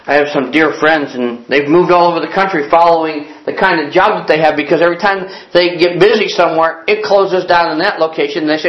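A man's voice: on the high side, brisk, hardly any pauses. Earnest preacher man, echoey room. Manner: repeats key lines for emphasis; earnest, storytelling delivery. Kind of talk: sermon. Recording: echoey, dull lo-fi sound.

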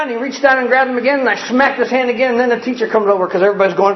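A man preaching a sermon, telling a story in an animated, folksy way and acting out the scenes for a live congregation. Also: extremely high pitch, very fast, hardly any pauses, lo-fi sound, very noisy. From grew up poor in a small family.

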